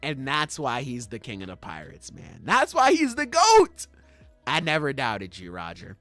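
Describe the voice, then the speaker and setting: A man's voice: mid-range voice, wildly swooping pitch, a little slow, fairly bright tone, no room sound, faint music behind. A young man hosting a podcast, chatting casually and acting out scenes with swearing and laughter. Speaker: podcast host. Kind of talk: casual chat.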